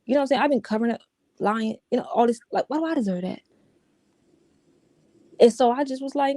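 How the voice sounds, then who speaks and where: Warm-voiced woman, interview guest, casual and repetitive, dry close sound. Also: fairly high pitch, normal speed, pauses often, no room sound. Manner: casual, repetitive, restarts often, says "yo". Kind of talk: emotional personal account.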